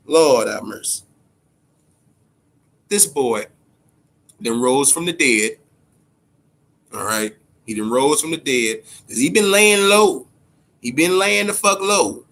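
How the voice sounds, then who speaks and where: A man's voice: fairly high pitch, bright, forceful tone. A man hosting a boxing talk show, ranting in heated, profane casual commentary and repeating words when worked up.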